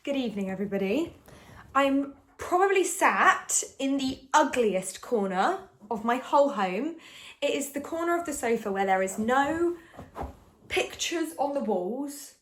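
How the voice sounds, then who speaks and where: Holding her camera at home, a young vlogger chats casually and rambles, dropping in ums and little laughs. Her high voice is expressive and unhurried, and the recording carries a slight hiss or hum.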